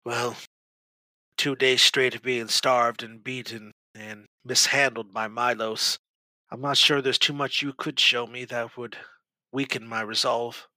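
A man voicing a mistreated, jumpy young man who swings between quiet and frantic in a tabletop game. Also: medium pitch, steady tone, unhurried, no room sound. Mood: weary defiance.

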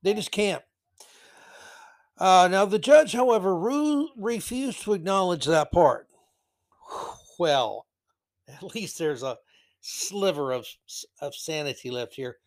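A man's voice: high voice, lively intonation, takes it slowly, pauses often. A man hosting a podcast, delivering an exasperated, sarcastic monologue with scornful asides. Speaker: podcast host.

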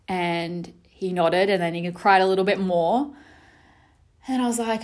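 A young adult woman telling her own story candidly, frank and reflective, swearing now and then, with halting restarts. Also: fairly low pitch, steady tone.

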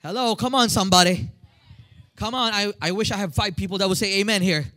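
Filipino male pastor in his thirties, higher-pitched, animated preacher who prods the congregation to respond. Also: fairly quick. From Philippines. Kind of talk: sermon.

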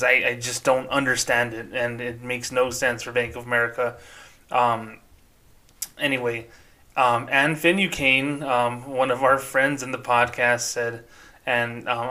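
A man's voice: mid-range voice, little pitch movement, moderate pace, sharp tone. A man hosting a solo podcast, opinionated and emphatic as he rants into a microphone. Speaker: podcast host.

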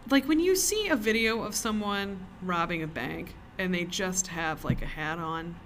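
A woman co-hosting a podcast in a cellar, telling stories in casual chat as an animated storyteller who laughs often. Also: on the low side, normal speed, a little hiss or hum. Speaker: podcast co-host.

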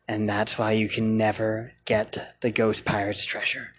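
A man's voice: fairly low pitch, monotone, a little slow. A father making up spooky stories at home for his young child, in a playful, teasing, plain way. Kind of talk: improvised spooky storytelling at home.

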